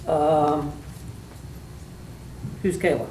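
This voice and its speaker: A man with a fairly high voice gives students folksy, plainspoken feedback, full of "uh"s and "um"s, in the manner of a mock trial judge. He sounds far from the mic, in a roomy, echoey space with a faint hiss of room noise. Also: moderate pace, darkish tone. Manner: folksy, plainspoken, with many fillers. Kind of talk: spoken critique to students.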